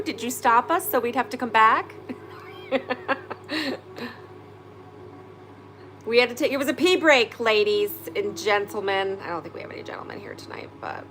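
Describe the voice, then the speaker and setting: Her voice is on the high side and a bit bright, with slight background noise in the recording. She's a woman running a casual live stream indoors at home by the fireplace, candid and chatty, with free swearing when something annoys her.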